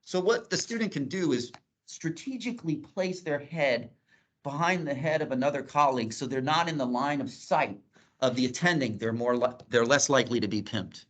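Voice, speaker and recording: A middle-aged male physician giving a grand rounds lecture to trainees, explaining points in a lively, joking teaching tone. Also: medium pitch, normal speed.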